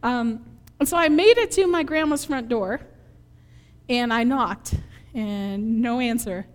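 A woman from Minnesota, USA, with a high voice preaches slowly in a chatty, animated style, laughing as she acts out scenes from her childhood. Her conversational sermon is full of personal story, and a large hall's long reverb lingers behind her.

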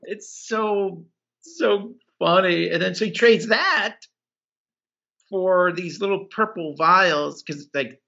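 A man's voice: high voice, takes it slowly, vocal fry, sharp tone, muffled recording. A man recapping a TV episode in casual podcast chat, rambling with many fillers and acting out the characters' lines.

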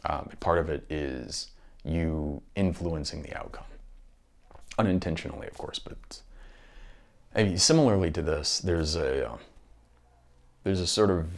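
A man's voice: extremely low pitch, a little slow, vocal fry, pauses often. A man talking through his thoughts in a casual monologue, rambling and restarting often.

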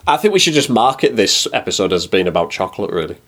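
Blunt man, lowish voice. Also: very animated, quick pace, fairly bright tone. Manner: blunt opinions, chuckling. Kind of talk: casual chat.

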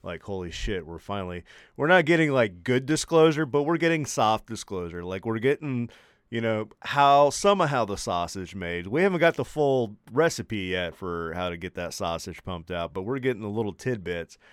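Man, congested, deep-ish, smooth, dry close sound, profane rambling podcast banter. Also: expressive, normal speed, dry recording. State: congested from a cold. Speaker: podcast co-host. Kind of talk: casual podcast chat.

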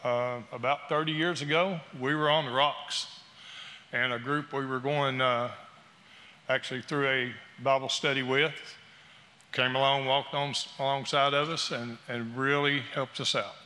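A man's voice: medium pitch, steady tone, moderate pace, bright, forceful tone. A man in his sixties giving a candid, off-the-cuff testimony to a church gathering, speaking earnestly without notes. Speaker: church small-group member giving a talk. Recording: echoey hall with long reverb.

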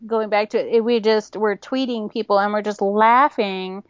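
A woman's voice: medium pitch, steady tone, smooth, dry recording. A woman telling funny stories in a casual podcast chat, laughing often and acting out what people said. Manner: giggly, fast storytelling with acted-out quotes. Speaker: guest.

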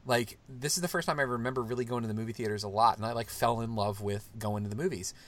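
A man's voice: mid-range voice, steady tone, fast, fairly bright tone. A man in his thirties hosting a casual chat, talking loosely with lots of "like" and restarts. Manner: rambling, loose, full of "like" and restarts. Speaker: podcast host.

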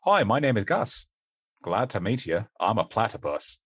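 A man's voice: on the low side, very animated, normal speed, slightly rough. A man voicing a friendly male platypus from a children's book, in a put-on Australian accent. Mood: cheery.

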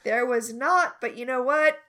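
A woman co-hosting a casual recap chat, animated and sarcastic with quick asides. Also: sits high. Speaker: podcast co-host.

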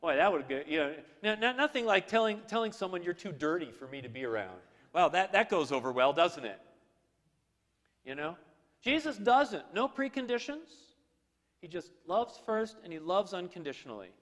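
Male pastor, high voice, playful self-mocking storyteller, preaching in a reverberant sanctuary. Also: very animated, moderate pace, fairly bright tone. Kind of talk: sermon. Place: church sanctuary. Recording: long hall reverb.

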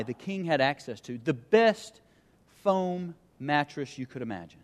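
Fairly high-voiced male preacher in a reverberant hall. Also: animated. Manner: reads scripture aloud, pauses for emphasis, dramatic dips and swells. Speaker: pastor. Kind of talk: sermon.

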